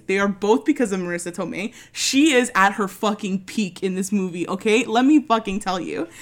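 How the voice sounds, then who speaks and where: A woman co-hosting a casual chat. She tells stories with lots of swearing and sudden jumps into put-on voices. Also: on the high side. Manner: animated storytelling, frequent swearing; doing voices while retelling scenes.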